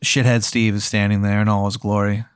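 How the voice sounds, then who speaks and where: A young man running a comic tabletop game as game master, deadpan and laughing at his own bits. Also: fairly low pitch, brisk, clean tone, no echo, studio quality. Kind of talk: improvised comic tabletop narration.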